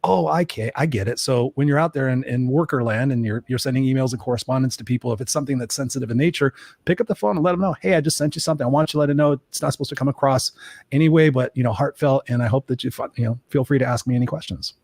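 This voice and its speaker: Male co-host, middle-aged, quick and energetic, dry close sound. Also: medium pitch, no echo. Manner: energetic, advice-giving, talks in long runs. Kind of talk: casual chat.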